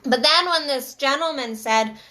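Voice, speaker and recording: Middle-aged woman coach, high and bright, emphatic casual talk to camera. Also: measured pace. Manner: earnest, emphatic, repeats phrases. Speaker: relationship coach.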